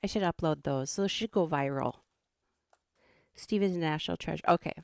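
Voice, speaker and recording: A woman's voice: deep voice, normal speed, vocal fry, no echo, clean studio sound. A middle-aged woman with a Minnesotan accent who hosts a livestream and chats casually in a rambling way, laughing often. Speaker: host.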